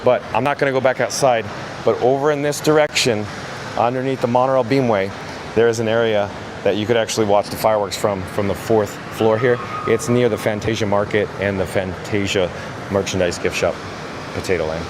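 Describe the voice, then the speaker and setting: A man's voice: on the low side, fairly even intonation, a little fast. A man hosting a live-stream tour of hotel hallways, chatting and reading viewer comments aloud. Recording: noisy handheld phone recording.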